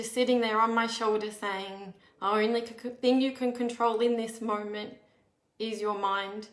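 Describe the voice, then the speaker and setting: A woman with a mid-range, slightly bright voice earnestly tells a personal story, speaking candidly and conversationally. She restarts her sentences often, and the room sounds echoey.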